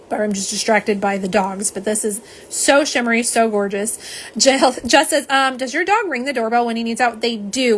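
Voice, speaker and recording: A woman rambles happily through a live swatch session at home, reading out viewer comments as she talks. Her voice sits a little high, and a faint household hum stays under it. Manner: chatty, rambling, reads viewer comments aloud. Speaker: nail polish swatcher. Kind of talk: live unboxing chat.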